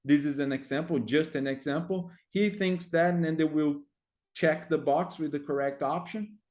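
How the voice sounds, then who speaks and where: Male teacher trainer, somewhat high voice, halting delivery full of fillers. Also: a little mellow. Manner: hesitant, many fillers, frequent tag "right?". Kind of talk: explaining classroom activities.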